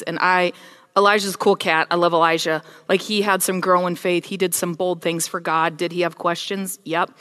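A woman's voice: lowish voice, in a large hall. A woman preaching a casual sermon, retelling scripture as a story and voicing the figures in it. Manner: casual, storytelling, animated with voiced quotes.

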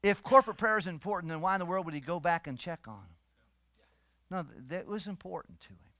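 A man in middle age preaches with fervor, dropping low and quiet, then rising loud and emphatic. His voice sits a little high for a man. The sound is dry and close, with no room around it. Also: lively intonation, quick pace, no room sound. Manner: emphatic preaching, swings between soft and loud. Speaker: pastor. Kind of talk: sermon.

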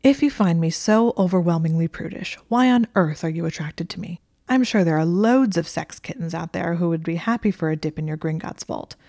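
A woman's voice: fairly low pitch, a little fast, hardly any pauses, dry recording, studio quality, lightly acted. Hermione Granger, read by a woman, exasperated. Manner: exasperated, emphatic, rising to near shouts. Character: indignant sharp-tongued young woman librarian.

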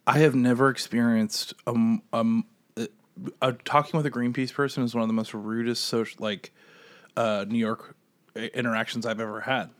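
A young man co-hosting a podcast, telling an animated story in casual chat. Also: normal speed. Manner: animated, laughs while telling stories, jumps into high excited voices. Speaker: podcast co-host.

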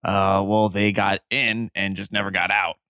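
A man's voice: lowish voice, flat delivery, moderate pace, pushed and bright, no room sound, studio quality. A man running a tabletop game, describing the world to his players in a loose, hesitant way with many fillers. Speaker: game master.

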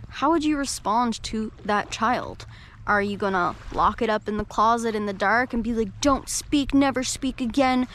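A woman coach and podcast host giving a reflective talk in a gentle, slow, soothing way. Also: medium pitch.

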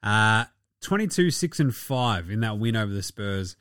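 A man's voice: fairly low pitch, very animated, moderate pace, a bit bright, dry recording, studio quality. An Australian man hosting a casual sports podcast, talking in a rowdy, profane and mocking way. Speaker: podcast host.

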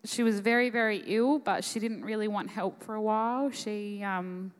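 A young Australian woman telling a personal story on a conference stage, emotional and halting, full of fillers. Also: medium pitch, fairly even intonation, clear, resonant tone. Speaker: conference guest speaker. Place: live conference hall. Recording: echoey hall.

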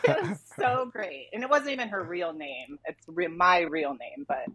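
Low-voiced chatty woman. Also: lively intonation, moderate pace, a bit bright, breathy edge. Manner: chatty, laughs through her stories. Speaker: sex educator guest. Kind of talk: casual podcast chat.

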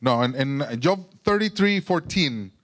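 A man's voice: a little high, lively intonation, a little slow, a bit bright. A man preaching a sermon in English. He often restarts his phrases and searches for words.

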